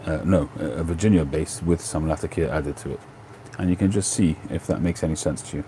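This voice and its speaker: Cockney guy, middle-aged, deep mellow voice, rambly laid-back chat with viewers, lots of ums. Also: brisk, slight background noise. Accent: London Cockney. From England. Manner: relaxed, rambling, frequent ums and self-corrections. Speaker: livestream host. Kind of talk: casual chat answering viewer questions.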